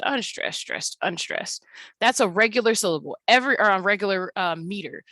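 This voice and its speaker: Bright-voiced woman teacher explaining slides. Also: mid-range voice, no echo. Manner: explanatory, says words aloud to show their rhythm; conversational, with fillers. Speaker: English teacher. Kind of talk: recorded slide lesson.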